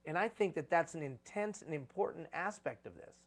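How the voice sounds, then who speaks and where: A man's voice: a little high, animated, brisk. A man giving a live conference talk on leadership, preaching with repeated phrases for emphasis.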